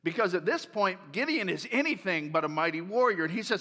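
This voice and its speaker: A man's voice: high-pitched, expressive, brisk, pushed and bright, in a large hall. A male pastor preaching a sermon in a casual, joking storytelling way, in a large church.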